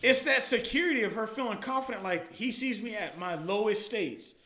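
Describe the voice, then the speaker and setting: Fast-talking animated man, bright voice. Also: high-pitched, reverberant. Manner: animated storyteller, lots of slang and swearing, laughs often. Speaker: podcast guest. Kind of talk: casual chat.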